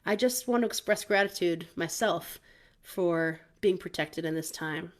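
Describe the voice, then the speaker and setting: A woman musician talks softly and reflectively between songs, pausing often with ums. Her voice sits a little low for a woman. She speaks from outdoors in the woods. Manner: soft, reflective, with many ums. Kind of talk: casual spoken introduction between songs.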